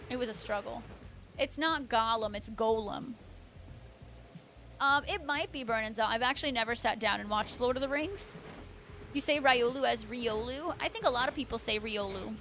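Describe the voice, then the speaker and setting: High-voiced chatty woman streamer. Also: a little fast, sharp tone, faint music behind. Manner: chatty, laughs often, answers chat by name. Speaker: livestream host. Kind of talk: casual chat with live viewers.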